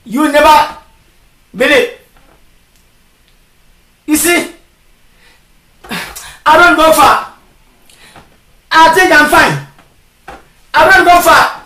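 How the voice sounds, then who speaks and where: A preacher delivering a shouted sermon, firing off repeated rhetorical questions. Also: high voice, expressive, slow, pauses often. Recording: echoey, from far off.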